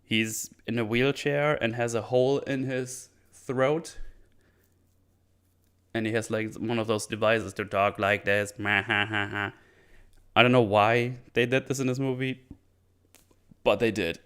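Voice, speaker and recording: A man's voice: medium pitch, steady tone, a little slow, long pauses, smooth. A man casually recapping a martial arts film, rambling loosely and swearing now and then. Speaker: film reviewer.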